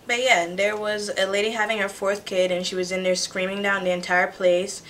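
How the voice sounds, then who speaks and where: A young woman originally from Jamaica, casually telling a personal story to her camera in a chatty, animated way. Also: medium pitch, brisk, a little hiss or hum. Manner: chatty, animated retelling with quoted voices. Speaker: vlogger. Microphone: camera mic.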